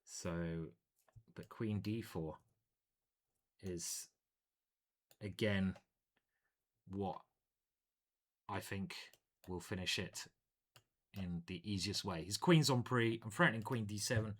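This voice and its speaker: Playful low-voiced man commentating chess. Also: takes it slowly, pauses often. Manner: animated, playful, thinking aloud. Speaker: chess grandmaster commentating his own games. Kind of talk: live chess commentary while playing.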